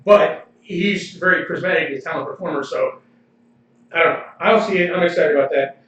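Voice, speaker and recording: A man's voice: on the high side, fairly quick, a bit bright. A man co-hosting a podcast in casual chat, opinionated and laughing often. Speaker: podcast co-host. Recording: roomy, distant, slightly dull livestream audio.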